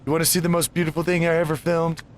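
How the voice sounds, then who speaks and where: A man's voice: a little high, completely flat delivery, rapid-fire, faint music behind. A man hosting a casual let's play, rambling and easily distracted with chatty asides. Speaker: gaming video host.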